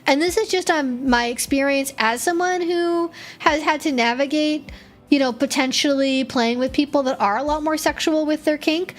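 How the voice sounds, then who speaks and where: Chatty high-voiced woman answering questions. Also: moderate pace, faint music behind. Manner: chatty, rambling, frequent "like" and laughs. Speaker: kink educator and stream host. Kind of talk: casual live-stream Q&A.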